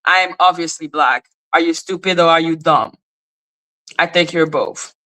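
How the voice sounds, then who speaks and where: Deep-voiced and forceful with a bright edge, a woman livestreams at a normal speed, firing back at her chat in a blunt, sarcastic, confrontational rant. The audio is poor.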